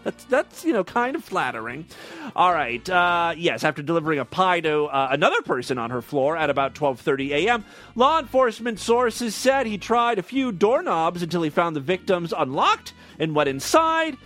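A man's voice: high-pitched, very animated, moderate pace, fairly bright tone, faint music behind. A man hosting a comedy show, reading news stories aloud and breaking in with crude, sarcastic asides. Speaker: podcast host.

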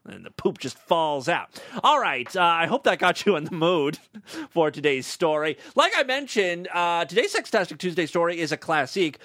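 A man's voice: a little high, very animated, normal speed, a bit bright, no echo. A man hosting a podcast, reading tweets and a story aloud with irreverent commentary and laughter. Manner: irreverent, laughs at own material. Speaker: podcast host.

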